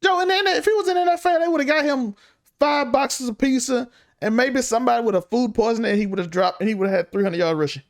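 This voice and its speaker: Speaking a little high and at a quick clip, this woman co-hosts a laid-back podcast chatting about the news. She argues her case emphatically and keeps firing questions at her co-host.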